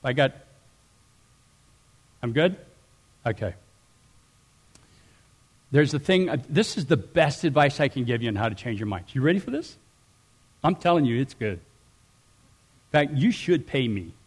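A middle-aged man preaching a sermon, animated, swinging between loud emphatic rises and quiet asides. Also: mid-range voice, measured pace, pauses often, slightly rough. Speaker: pastor.

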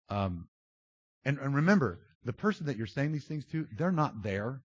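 A man preaching a sermon, animated and self-described loud, swinging from big outbursts to low confiding tones. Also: moderate pace, dry recording, dull audio. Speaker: pastor.

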